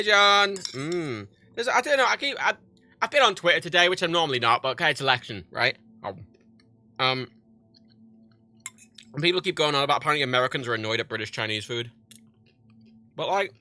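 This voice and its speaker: Sharp-voiced, profane streamer rambling animatedly. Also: male voice, fairly high pitch, no room sound. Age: 30s. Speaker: livestreamer. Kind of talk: casual livestream chat while gaming.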